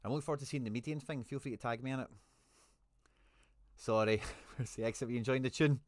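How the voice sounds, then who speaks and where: A chatty man talks casually to his live-stream audience, thanking viewers and reading out their messages. His voice sits at an everyday middle pitch. The sound is dry and close to the mic. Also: steady tone, fast, a little mellow, no echo. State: a bit out of breath. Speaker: streamer hosting a fantasy football live stream.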